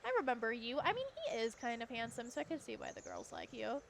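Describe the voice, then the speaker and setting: A young woman streaming a game, chatting casually and giggling while she thinks out loud. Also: on the high side, wildly swooping pitch, fast, creaky, noisy background. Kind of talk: casual gameplay commentary.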